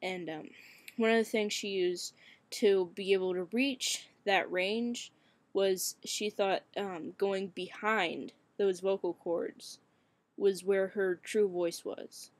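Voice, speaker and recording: A man's voice: high voice, fairly even intonation, takes it slowly, no echo. A young man in a casual webcam vlog, talking hesitantly with lots of fillers and swearing, his voice cracking and turning shaky.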